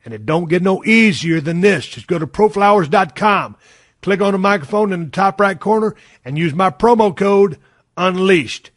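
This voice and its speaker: A man's voice: high voice, lively intonation, normal speed, a bit bright, no echo, studio quality. A man hosting a podcast, reading ads and chatting in a folksy, profane way with loose grammar. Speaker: podcast host. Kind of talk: ad read and casual chat.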